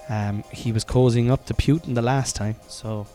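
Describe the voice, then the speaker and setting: A man's voice: medium pitch, steady tone, normal speed, warm tone, faint music behind. A man in his thirties with a Cork Irish accent, hosting a podcast as a comedian in a loose, chatty, self-deprecating monologue full of fillers and restarts. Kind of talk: casual rambling podcast monologue.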